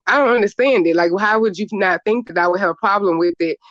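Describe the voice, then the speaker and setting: A woman's voice: mid-range voice, a bit bright, dry recording. Woman caller arguing on a muffled line. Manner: confrontational, halting, profane. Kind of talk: heated argument.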